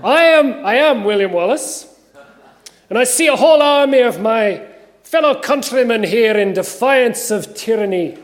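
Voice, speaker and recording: Man putting on a Scottish war chief, high rallying shout, slow, cathedral echo. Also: expressive. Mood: rousing. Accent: put-on Scottish. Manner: loud, slow, rallying battle speech. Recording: long reverb of a large church.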